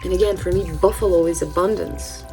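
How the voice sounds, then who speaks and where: A Brazilian-born woman in her thirties, a native Portuguese speaker whose English accent mixes British and Californian, hosts her channel and chats casually through an oracle card reading with many ums and restarts. Her voice is fairly low, brisk, and darkish, in a rough recording with faint music behind.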